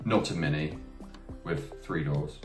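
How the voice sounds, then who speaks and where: A young man chatting casually on a couple's channel, jokey and animated. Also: extremely low pitch, measured pace. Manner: jokey, animated, breaks into silly voices. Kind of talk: casual chat. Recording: roomy, distant mic, music behind.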